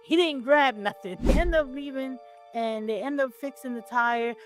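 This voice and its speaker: A woman's voice: high-pitched, normal speed, faint music behind. A woman casually recapping a horror movie with a co-host, blunt, wry and profane. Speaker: podcast co-host.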